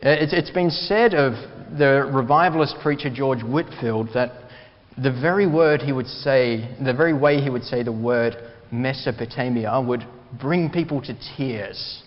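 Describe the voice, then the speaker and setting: A man preaching a sermon as a pastor, earnest and emphatic, stressing words slowly. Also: medium pitch. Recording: dull, hall reverb.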